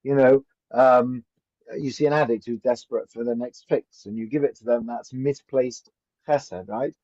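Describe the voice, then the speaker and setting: A man's voice: mid-range voice, fairly even intonation, moderate pace, mellow. A man teaching an informal Torah class as a rabbi, chatty and anecdotal, often asking "right?". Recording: dull lo-fi recording.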